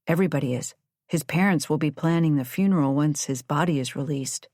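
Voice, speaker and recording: A woman reading as a brisk, businesslike male lawyer. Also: low voice, darkish tone, no echo. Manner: clipped, matter-of-fact. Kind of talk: audiobook dialogue reading.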